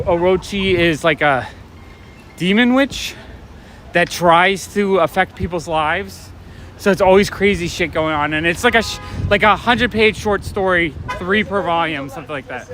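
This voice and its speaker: Chatty high-voiced man streaming outdoors. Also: a bit bright, slight background noise. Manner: chatty, enthusiastic, many fillers and restarts. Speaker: live-stream host. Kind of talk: casual rambling chat. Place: city street at night, outdoors. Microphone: handheld phone or camera while walking.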